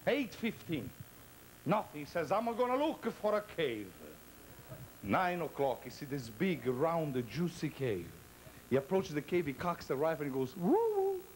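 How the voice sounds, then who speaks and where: A male stand-up comedian with a high voice that leaps all over the place as he tells his routine. He talks in a theatrical, playful way and teases people in the audience. A faint murmur sits behind him in the live room. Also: a little hiss or hum, low-quality recording.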